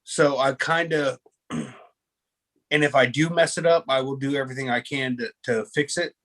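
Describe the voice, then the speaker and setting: This host of a relaxed video chat has a medium-pitched, slightly bright voice, fairly even in intonation and a little slow. He tells rambling stories, starting over again and again while making fun of himself.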